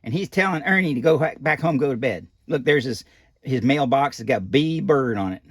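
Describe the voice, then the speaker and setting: A man's voice: medium pitch, expressive, a little fast, dry recording, lightly acted. A man voicing a folksy old animatronic doll who reads a children's picture book aloud with rambling asides and loose grammar. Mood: chatty.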